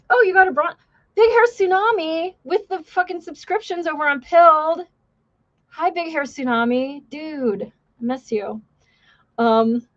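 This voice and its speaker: A woman hosts a casual livestream, telling stories in a chatty, profane and self-mocking way and reading out chat messages. Her voice sits a little high. The stream audio is dull and lo-fi. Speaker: livestream host, former police officer.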